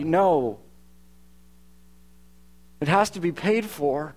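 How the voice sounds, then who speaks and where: A man's voice: high-pitched, moderate pace. A man preaching a sermon to his congregation in an earnest, conversational way, often restarting his words. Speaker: pastor.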